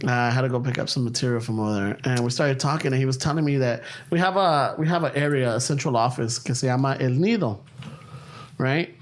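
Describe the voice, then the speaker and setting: A man's voice: mid-range voice, quick pace. A man, telling stories in a casual podcast chat. He swears freely and slips Spanish words in. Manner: profane, animated, mixes Spanish into English. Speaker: podcast co-host.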